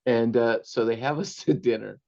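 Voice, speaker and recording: Telling family stories as a guest in an interview, an older man who writes books laughs a lot and drops in bits of Spanish. His voice is gravelly and a little mellow, medium in pitch, at a normal speed. The recording has its highs cut off.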